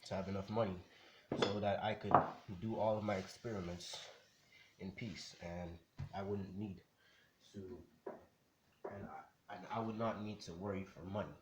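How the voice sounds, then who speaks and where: A man's voice: lowish voice, fairly even intonation, normal speed, pauses often, heavy background noise, lightly acted. A man doing a cocky boy genius. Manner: casual, reassuring, slangy.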